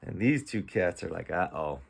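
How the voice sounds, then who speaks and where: A man reads a picture book aloud as a reading teacher, going slowly and carefully. He sounds out each letter, then blends them into simple words. His pitch sits in the middle for a man. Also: expressive. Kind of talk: slow phonics read-aloud lesson.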